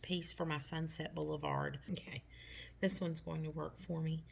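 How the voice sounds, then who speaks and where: A woman's voice: sits low, level tone, moderate pace, vocal fry, darkish tone. A middle-aged woman talking through a nail tutorial step by step, chatty and reassuring.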